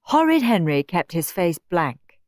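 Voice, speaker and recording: A woman reading a children's storybook aloud, expressive and playful. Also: fairly low pitch, unhurried, no echo, studio quality. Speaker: audiobook reader. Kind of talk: storybook narration. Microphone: close studio mic.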